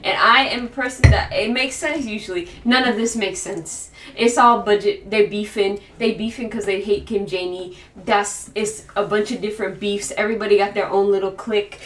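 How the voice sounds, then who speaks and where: A woman's voice: mid-range voice, fairly even intonation, normal speed, hardly any pauses, a bit bright. A woman co-hosting a casual podcast chat, wry and blunt in her opinions. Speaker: podcast co-host. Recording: roomy, distant, faint noise.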